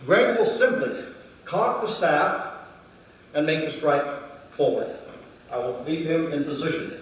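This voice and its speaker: A man's voice: on the high side, expressive, measured pace, slight background noise. A man instructing a weapons demonstration in a methodical way, counting out each movement. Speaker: martial arts instructor. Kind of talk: demonstration lesson. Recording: very echoey hall, distant mic.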